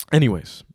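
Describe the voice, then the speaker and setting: Young man telling profane, animated stories. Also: dry recording, clean studio sound. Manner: animated, profane storytelling with lots of slang. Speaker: host. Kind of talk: casual podcast chat.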